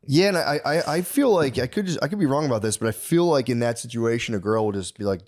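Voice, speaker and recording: A man's voice: medium pitch, expressive, quick pace, few pauses, darkish tone. A man in his thirties telling rambling, comedic stories as a podcast co-host, full of fillers. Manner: rambling storytelling with lots of fillers. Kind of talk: casual comedic chat.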